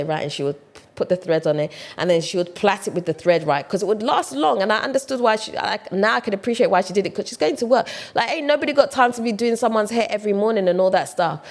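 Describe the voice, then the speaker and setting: A woman from Ghana, chatting casually to viewers in an opinion vlog, animated and full of rhetorical questions. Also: fairly high pitch. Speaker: vlogger.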